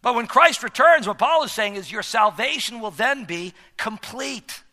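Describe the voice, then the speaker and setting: High, lively preaching man in a reverberant hall. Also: normal speed. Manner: emphatic preaching with wide swings in loudness. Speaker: pastor. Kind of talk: sermon.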